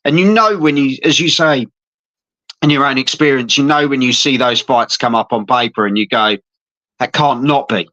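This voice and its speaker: Host guy, chatty, says mate a lot, bright voice, kinda dull lo-fi audio. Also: medium pitch, moderate pace, no echo. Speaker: interview host. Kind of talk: casual interview. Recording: dull dry lo-fi sound.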